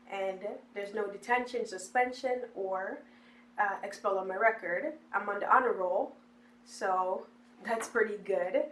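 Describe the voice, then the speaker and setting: A woman's voice: mid-range voice, steady tone, unhurried. Chatty young woman in echoey room. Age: young adult. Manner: chatty, acts out quoted people. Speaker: interviewee. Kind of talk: documentary interview. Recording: echoey room, faint hiss.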